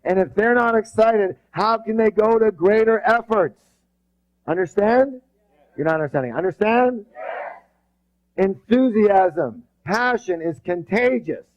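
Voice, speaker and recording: Male seminar leader, high-ish voice, energetic call-and-response, muffled lo-fi audio. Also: a little slow. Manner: energetic, drills the audience with rhetorical questions; emphatic, bursts loud when stressing passion. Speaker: motivational seminar speaker. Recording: dull lo-fi recording.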